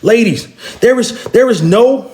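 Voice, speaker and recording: Emphatic, preachy man with a higher voice. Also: expressive, measured pace, warm tone, reverberant. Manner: emphatic, preachy, repeats phrases with stammered restarts; addresses listeners directly and bluntly. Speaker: motivational speaker. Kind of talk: motivational talk.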